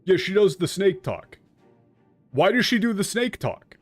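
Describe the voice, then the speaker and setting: A man streaming a game and translating its dialogue live, talking in a halting way with frequent restarts and casual swearing. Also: high-pitched, very animated, breathy edge, no room sound, soft background music. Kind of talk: live gameplay commentary.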